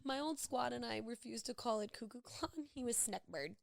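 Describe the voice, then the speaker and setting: A woman co-hosting a casual podcast chat, excitable, laughing often and trailing off mid-sentence. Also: on the high side, moderate pace, gravelly, dry recording, studio quality. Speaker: podcast co-host.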